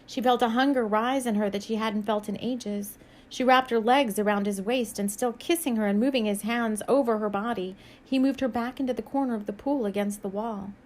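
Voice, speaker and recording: A woman's voice: a little high, steady tone, brisk, darkish tone. A woman author reading her own romance novel aloud, then giving a musing spiritual message with frequent hesitations and small laughs.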